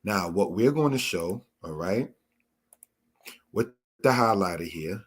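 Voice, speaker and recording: A man teaching a Torah lesson, explaining word meanings in a measured way and addressing his listeners as brothers and sisters. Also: low voice, lively intonation. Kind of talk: slow spoken Bible lesson.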